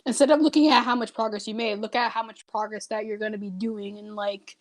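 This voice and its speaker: A woman's voice: medium pitch, fairly even intonation, a little fast. A woman co-hosting a casual podcast, playful and teasing in a slangy way. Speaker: podcast co-host.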